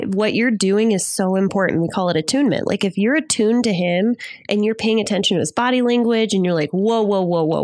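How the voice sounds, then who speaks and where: A woman's voice: medium pitch, no room sound, clean studio sound. A woman co-hosting a podcast as a therapist, affirming her guests and giving advice. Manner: warm affirming, frequent mm-hmms. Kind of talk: casual podcast chat.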